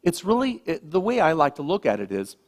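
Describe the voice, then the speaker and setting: A man, a minister, giving a gentle, reflective sermon with slow, emphatic pauses, speaking to a congregation in a church. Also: fairly high pitch, huge pitch swings. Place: church sanctuary.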